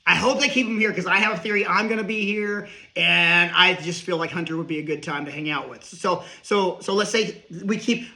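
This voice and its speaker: A middle-aged man doing a rambling comedic monologue, riffing with quick asides. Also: high voice, bright, forceful tone. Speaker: comedian and speaker.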